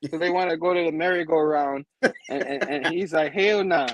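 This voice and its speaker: A man's voice: a little high, a little slow, a crowd in the background, rough recording. A man hosting a casual comic book review show, retelling the story with lots of laughter and acted-out lines. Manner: animated, laughs often, acts out lines from the comic. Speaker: podcast host.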